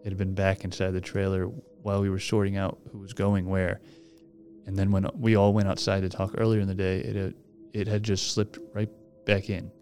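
This man reads a spooky story aloud for his podcast in a deep, steady voice that barely rises or falls. His delivery is loose and casual, with plenty of swearing. Music plays clearly beneath him. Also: brisk. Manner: casual, swears freely while reading. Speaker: podcast host. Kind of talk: reading a horror story aloud.

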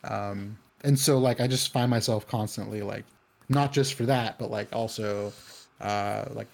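A man's voice: on the low side, fairly even intonation, unhurried, gravelly. Rambling man in casual chat. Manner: rambling, many fillers and restarts; acts out quoted voices in anecdotes.

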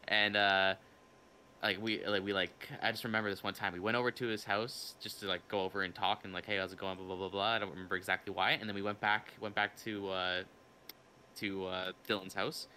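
Bright-voiced rambling young man. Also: deep voice, little pitch movement, a little fast, slight background noise. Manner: rambling, restarts, swears. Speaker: podcast host. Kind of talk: casual storytelling chat.

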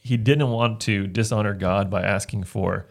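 A man's voice: on the low side, fairly even intonation, normal speed, creaky. A man, a pastor, talking through a book of the Bible in a casual discussion, earnest and often restarting his phrases as he reads verses aloud.

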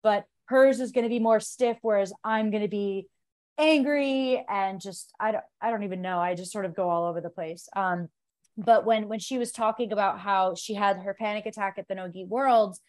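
A woman's voice: medium pitch, normal speed, a little mellow. A woman from the United States, a jiu-jitsu athlete on a podcast, talking earnestly in long, run-on thoughts. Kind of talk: casual conversation.

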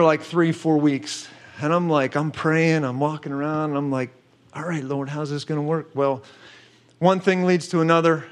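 A middle-aged man with a fairly high voice tells a lively faith testimony. He is emphatic and excitable, and he acts out what each person said. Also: smooth. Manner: excitable, emphatic, acts out quotes with gasps and laughs. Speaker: preacher telling a testimony. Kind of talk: animated storytelling testimony.

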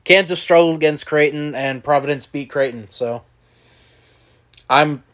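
A young man co-hosting a casual sports podcast, teasing his partner and quick to laugh. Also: a little high, a bit bright. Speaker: podcast co-host.

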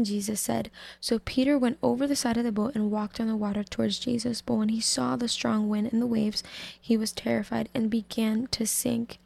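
A woman giving a casual devotional talk, reflecting slowly and haltingly on scripture with many fillers. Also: on the high side, steady tone, gravelly, darkish tone, dry recording. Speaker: Bible study speaker.

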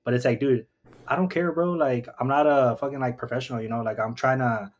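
A man's voice: medium pitch, fairly even intonation, brisk. A young man hosting a casual podcast, laughing easily and swearing often, who mentions that he stutters. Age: young adult. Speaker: podcast host.

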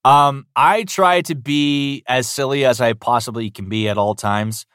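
A male voice actor answering interview questions in an upbeat, animated way, often saying "you know". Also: medium pitch, unhurried, clean tone, no room sound, clean studio sound. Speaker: voice actor guest.

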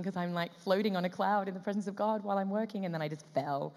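An Australian woman guest telling stories in an interview, lively and acting out the dialogue as she goes. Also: lowish voice, fast talker. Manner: lively, acts out dialogue in quotes, frequent laughs. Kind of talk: animated storytelling interview. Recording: long reverberant room sound.

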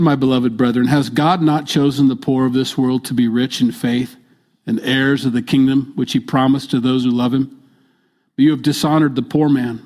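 A man's voice: medium pitch, darkish tone. A man preaching a midweek sermon as pastor, reading scripture aloud and breaking in with joking asides.

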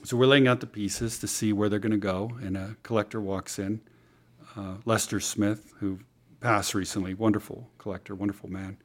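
A man with a somewhat low voice tells a story as an interview guest. He talks casually and lively, with plenty of fillers, restarts and repeated words. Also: normal speed.

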